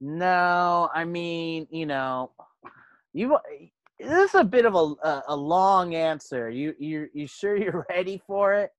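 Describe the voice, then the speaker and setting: A man's voice: on the high side, animated, takes it slowly, no echo. A man guesting on a casual podcast chat, laid-back and teasing, slightly buzzed from beer. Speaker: guest, comic book writer.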